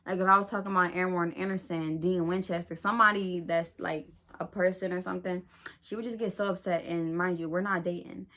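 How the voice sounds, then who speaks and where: Brief: young woman vlogger, low-ish voice, casual slangy storytime. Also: steady tone, fast, fairly bright tone. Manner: chatty, slangy, laughs at herself.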